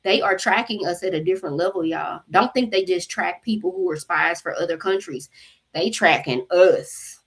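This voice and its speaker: Husky-voiced woman telling a heated story. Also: on the low side, moderate pace. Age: adult mother. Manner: animated, profane, acts out quotes. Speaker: spiritual channel host. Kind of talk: casual storytelling to viewers.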